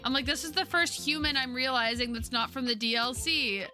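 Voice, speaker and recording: A woman streamer chatting casually over a game, excitable and laughing often as she reacts. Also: high-pitched, brisk, soft background music. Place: home streaming setup.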